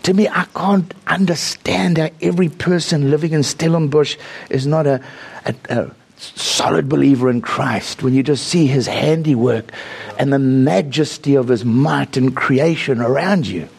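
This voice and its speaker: A man preaches with a gravelly, husky voice, telling a story and breaking into fervent prayer. His pitch sits in an ordinary middle range. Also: normal speed, a little mellow. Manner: storytelling, prays aloud with rising fervor. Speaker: visiting preacher. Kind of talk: sermon.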